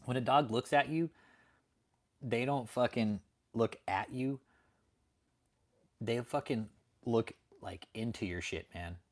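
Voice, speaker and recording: A man's voice: medium pitch, slow pace, long pauses. A male livestream host in casual chat, laid-back and profane.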